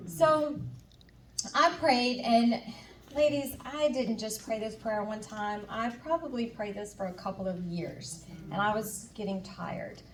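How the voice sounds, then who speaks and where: Speaking unhurriedly in a voice on the high side, a conference speaker shares a candid personal testimony, performing her past dialogue and inner voice. Crowd noise and an echoey hall make her sound distant.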